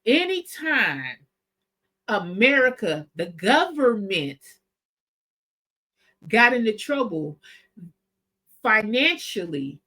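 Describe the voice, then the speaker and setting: Woman giving casual, animated commentary. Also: medium pitch, takes it slowly, pauses often, poor audio. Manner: animated, conversational, slangy. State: coughing spell. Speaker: host.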